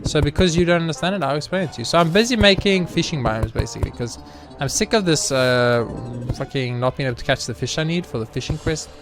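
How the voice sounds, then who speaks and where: A man's voice: fairly high pitch, animated, fast, few pauses. A young man commentating his gameplay in a casual, sarcastic, mock-boastful way, swearing freely. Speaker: let's play host. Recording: game music playing behind. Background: game music.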